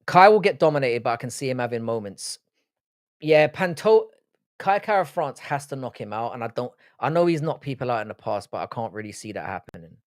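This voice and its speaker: Lively intonation and a fairly quick pace mark this medium-pitched male voice, captured dry at studio quality. He's a casual livestream host of Irish roots, from Ireland and raised in Britain with an English accent, who reads and responds to comments bluntly and with plenty of swearing.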